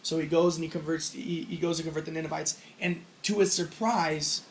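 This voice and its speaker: High-voiced gravelly man retelling a story. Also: steady tone, a little fast, slight background noise, low-quality recording. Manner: rambling explanatory retelling, acts out quoted lines. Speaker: lecturer on religion. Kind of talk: casual spoken lecture.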